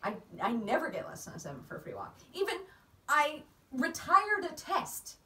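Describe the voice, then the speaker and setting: A woman's voice: sits high, wildly swooping pitch, normal speed, bright, forceful tone. A woman riding coach chatting casually on a podcast, explaining things in depth and laughing often. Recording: roomy, distant mic, faint background noise.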